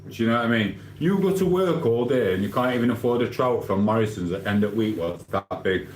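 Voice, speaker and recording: A man with a medium-pitched voice, lively intonation, and a quick pace hosts a casual livestream. He reads comments aloud and rants bluntly, swearing cheekily, amid a roomy echo and faint hum.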